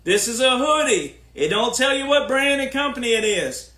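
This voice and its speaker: A man's voice: extremely high pitch, expressive, moderate pace, pushed and bright, echoey room. A man hosting a podcast, ranting casually in an emphatic, sarcastic, lecturing way. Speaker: podcast host.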